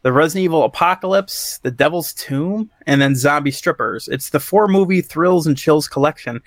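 A man's voice: fairly high pitch, moderate pace, no echo, studio quality. Rambling, profane man recapping a movie. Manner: rambling, profane, laughs at his own story, acts out quotes. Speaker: podcast co-host reviewing a movie. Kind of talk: casual chat.

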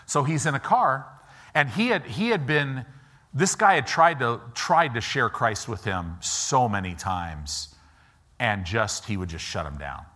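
A man preaching in a church, telling a lively story and acting out the voices of its people, with casual asides to his listeners. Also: medium pitch. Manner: animated storyteller, acts out quoted voices; informal, asides to the audience. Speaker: pastor. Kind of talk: storytelling sermon.

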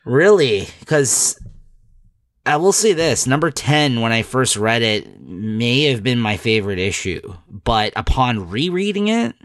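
Giggly co-host, man, animated pitch, dry close sound. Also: unhurried, no echo. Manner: laughs often, trailing fillers. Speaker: podcast co-host. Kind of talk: casual chat.

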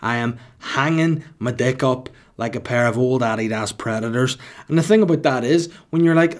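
A man's voice: mid-range voice, normal speed, few pauses. A man in his thirties hosting a solo podcast, rambling crudely and jokingly with lots of swearing. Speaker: podcast host.

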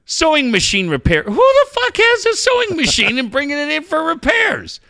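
Middle-aged guy, crude animated storyteller, gravelly and bright, bouncy pitch, dry sound. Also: moderate pace, no echo. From Southern California. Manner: animated, profane, acts out voices in anecdotes. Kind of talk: casual profane storytelling.

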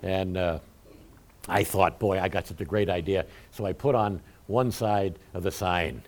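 His voice sits low and his pace is a little slow. As a pastor giving a conversational sermon, he's animated and humorous, makes self-deprecating jokes, and talks straight to his congregation.

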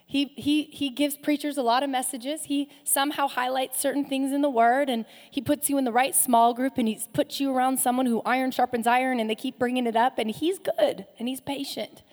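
A woman pastor preaching a sermon, passionate, swinging from loud rises to soft, hushed drops. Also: high-pitched, fairly even intonation, fairly quick, few pauses. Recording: long hall reverb.

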